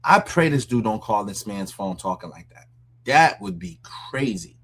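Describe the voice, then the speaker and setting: A man's voice: medium pitch, sing-song, moderate pace, vocal fry, fairly bright tone, slightly rough. A man hosting a casual commentary show, reacting with mocking disbelief and frequent laughs. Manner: incredulous, mocking, laughs often. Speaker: commentary host.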